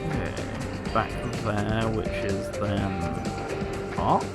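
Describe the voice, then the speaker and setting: A man's voice: on the low side, takes it slowly. A man giving wry, chatty commentary while playing a video game, chuckling to himself now and then. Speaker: let's play host. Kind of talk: gameplay commentary. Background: loud game music.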